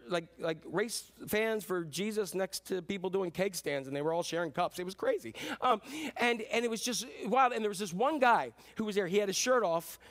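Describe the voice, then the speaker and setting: A man preaching a sermon as pastor, telling stories in a casual, animated way with sudden whoops and cheers. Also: high-pitched.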